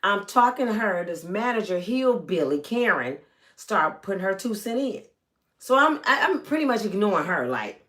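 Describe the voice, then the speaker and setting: A middle-aged woman vlogging a personal story to her viewers, animated, swinging from loud to hushed and acting out the people she quotes. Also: mid-range voice, normal speed.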